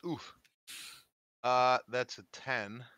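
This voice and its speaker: A man's voice: mid-range voice, fairly even intonation, drawn-out words, lo-fi sound, noisy background. A man playing a tabletop game over a video call, chatting casually and thinking aloud about his moves. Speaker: player. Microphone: video call mic.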